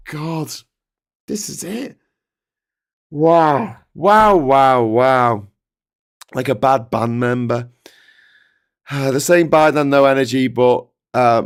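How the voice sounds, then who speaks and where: A middle-aged man hosting a live stream, talking in casual, animated, sweary commentary. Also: mid-range voice, clear, resonant tone.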